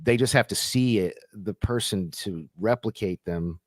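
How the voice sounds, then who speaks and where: A man with a fairly low voice hosts a relaxed live stream, chatting casually and retelling scenes by acting out the quoted lines. The sound is dry and close, with no room echo. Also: measured pace. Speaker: host.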